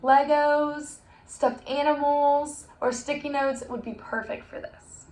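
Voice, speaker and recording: A woman's voice: high voice, fairly even intonation, slow, a little mellow. A young woman teaching a recorded music lesson to children, chanting rhymes in an encouraging, sing-song voice. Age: young adult. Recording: echoey room with faint hiss.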